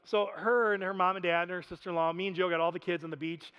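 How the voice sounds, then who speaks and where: A man in his thirties preaching a sermon, telling stories in an animated, self-deprecating way with frequent laughter. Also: high-pitched, fast talker, smooth. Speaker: pastor. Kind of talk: storytelling sermon. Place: church sanctuary. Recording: reverberant church hall.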